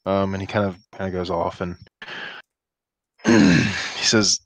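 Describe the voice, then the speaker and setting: A man with a fairly low voice narrates a tabletop game as game master. He talks in halting runs, restarting words and filling gaps with ums. The sound is dry and close. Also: fairly even intonation, dry recording. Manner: halting, many restarts and fillers. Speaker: dungeon master.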